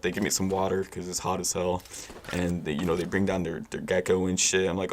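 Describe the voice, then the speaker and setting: Young guy with a real low gravelly voice telling a story, loose and slangy, faint hiss behind. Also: level tone, fairly quick. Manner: laid-back, rambling, slangy. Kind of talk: casual story time.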